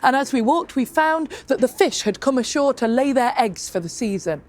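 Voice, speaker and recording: A woman's voice: high voice, lively intonation, moderate pace. A woman voicing a gullible, gossiping male tailor who can't keep a secret. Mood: eager.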